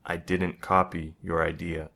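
A man reading a story aloud, voicing a quiet, bullied schoolboy with his own low voice. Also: measured pace, vocal fry, heavily acted. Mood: mumbling. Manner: subdued, then defiant.

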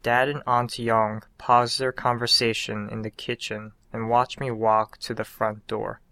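Slow, bright-toned male storyteller. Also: fairly low pitch, little pitch movement, gravelly, no echo. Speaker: author reading his own story. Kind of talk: scripted narration of a short story.

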